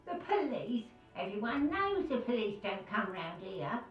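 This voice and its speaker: A woman's voice: mid-range voice, big pitch swings, unhurried, reverberant, distant mic, muffled recording, faint music behind. A woman voicing a stubborn, suspicious elderly woman who scolds visitors through a locked door in a video game. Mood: scolding. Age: older.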